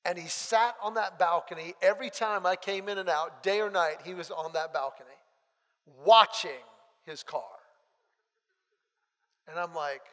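A man preaching a sermon, telling stories and quoting friends in animated back-and-forth. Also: sits high, big-room sound. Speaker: pastor. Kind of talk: sermon with storytelling.

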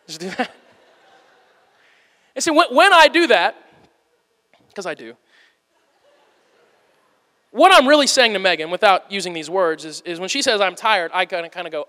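Man, young adult, pastor, sermon, high voice, candid, self-deprecating, acts out scenes, long hall reverb. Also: animated, fairly quick, long pauses, bright, forceful tone.

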